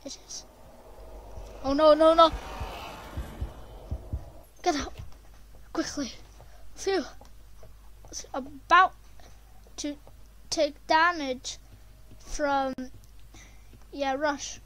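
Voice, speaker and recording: A woman commentating her gameplay, excitable and prone to screaming when chased. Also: sits high, drawn-out words, pauses often, a little hiss or hum. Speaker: gamer.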